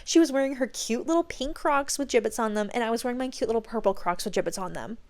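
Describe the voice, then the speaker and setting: A young adult woman hosting a podcast, telling stories in a gushing, excitable way with casual swearing. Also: a little high, fast. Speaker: podcast host. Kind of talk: casual chat.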